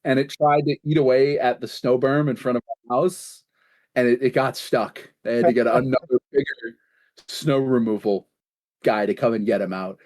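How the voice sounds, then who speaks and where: A man's voice: mid-range voice, steady tone, moderate pace, darkish tone. A man co-hosting a gaming podcast in casual chat, rambling through stories, laughing often and swearing offhandedly. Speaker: podcast co-host.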